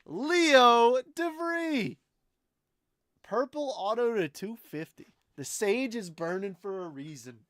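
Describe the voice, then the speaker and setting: A young adult man hosting a live card break, giving chatty, excitable commentary and talking to viewers by name. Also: high voice, moderate pace, few pauses, no echo.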